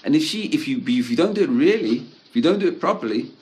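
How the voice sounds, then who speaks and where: A man's voice: a little high, expressive, quick pace, a little mellow, a little hiss or hum. A man giving an informal religious talk as a teacher, conversational, often checking in with "right?" and mixing in Hebrew terms. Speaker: Torah teacher.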